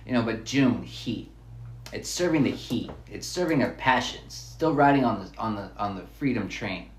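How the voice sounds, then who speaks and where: A man's voice: lowish voice, lively intonation, normal speed, echoey room. A man musing through a rambling, repetitive spiritual monologue, looping back over his phrases as he thinks aloud.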